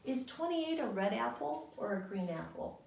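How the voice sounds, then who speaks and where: A woman's voice: a little high, expressive, moderate pace, gravelly, a little mellow, far from the mic. A woman teaching young children a remote lesson on the calendar and rebus words, in a patient, sing-song teacher voice with call-and-response. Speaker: kindergarten teacher. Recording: roomy home recording, voice somewhat off-mic.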